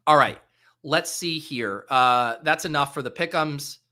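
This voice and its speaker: A man hosting a casual solo recap, chatty and upbeat, with frequent "uh" fillers and quick self-corrections. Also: a little high, sharp tone. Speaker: fantasy sports host.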